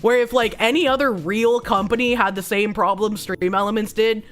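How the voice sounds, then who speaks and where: A woman with a hoarse, sick-sounding voice, chatting casually on a live stream as she reads donations, rambling and swearing freely. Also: medium pitch, fairly even intonation, normal speed, soft background music. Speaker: streamer reading chat and donations.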